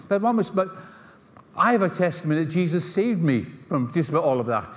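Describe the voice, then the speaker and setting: A middle-aged Scottish pastor with a Scottish accent gives an expressive, fast sermon in a slightly raised pitch, his voice trailing a long reverb through the big hall. He spins stories, drops wry humorous asides, and acts out the dialogue of the characters.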